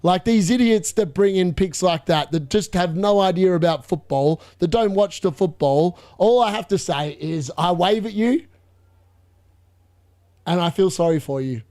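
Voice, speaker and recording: Excitable high-voiced man streaming. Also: normal speed. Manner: excitable, gloating, laughs often, repeats himself. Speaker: fantasy football streamer hosting a live watchalong. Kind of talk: live stream commentary.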